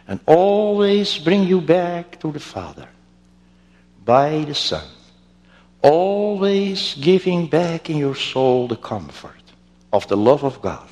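Slow, lively preaching man in a hall. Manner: slow, emphatic preaching with wide swings in pitch. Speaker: pastor. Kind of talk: sermon. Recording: long reverb of a church hall.

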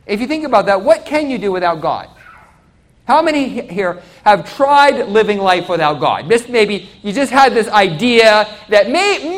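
Male preacher, high lively voice, calls questions out to the congregation. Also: moderate pace. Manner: animated, questions the congregation directly. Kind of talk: sermon. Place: church.

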